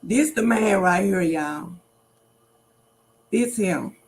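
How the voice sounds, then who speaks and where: A woman's voice: medium pitch, expressive, slow pace, darkish tone. A middle-aged woman hosting a casual livestream, talking straight to her viewers in a repetitive, emphatic way. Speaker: livestream host.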